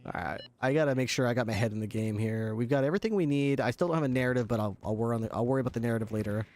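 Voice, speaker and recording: A man chatting casually while streaming a police role-play game, joking and thinking out loud. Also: medium pitch, rapid-fire. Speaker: streamer playing a police officer. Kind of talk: casual chat while gaming.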